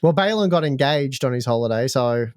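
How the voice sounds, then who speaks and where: A man's voice: medium pitch, animated, a little fast, dry recording, studio quality. An Australian man co-hosting a podcast, telling a story in a chatty, joking way. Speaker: podcast co-host. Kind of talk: casual chat.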